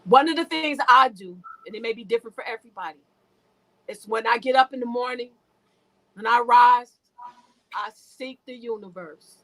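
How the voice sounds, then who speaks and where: A woman's voice: a little high, bright, forceful tone, rough recording. A woman guest speaking in an emotional, preachy way, often repeating and restarting her words. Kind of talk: impassioned spiritual talk.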